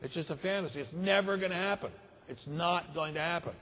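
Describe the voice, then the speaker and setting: A man's voice: a little high, a little fast, fairly bright tone, in a large hall. An older man giving a conference speech in a grave, emphatic way, repeating words for stress. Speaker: conference speaker. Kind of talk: keynote speech. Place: large conference hall.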